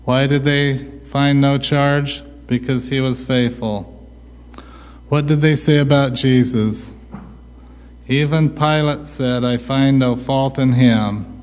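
Slow-speaking preacher in a reverberant hall. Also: male voice, mid-range voice, steady tone, a little mellow. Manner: rhetorical questions answered himself; slow, deliberate delivery. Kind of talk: sermon.

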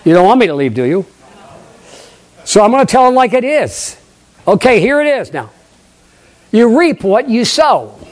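Older man, pastor, lively sermon, high voice, very expressive pitch, asks the congregation questions. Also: normal speed, long pauses. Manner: animated preaching, acts out dialogue, asks the congregation questions.

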